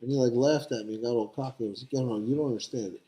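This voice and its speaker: A man's voice: medium pitch, steady tone, rapid-fire, warm tone. A man in his twenties, a professional boxer, telling rambling stories as a podcast guest, laughing often and acting out what people said. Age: 20s. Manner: laughing, rambling storyteller who acts out quotes. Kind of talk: casual storytelling.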